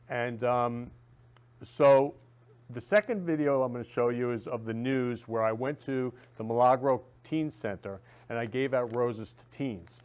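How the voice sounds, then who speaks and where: A man hosts a talk show in an effusive, repetitive way. He says the same phrase again and again. His voice sits at a middle pitch. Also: measured pace, darkish tone, smooth. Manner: effusive, repeats phrases, reads viewer comments aloud. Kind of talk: casual talk show monologue.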